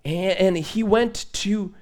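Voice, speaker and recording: A man's voice: high-pitched, slow, a little mellow. A man preaching a live sermon in church, from Moldova, chatty and conversational, laughing and adding asides. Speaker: pastor.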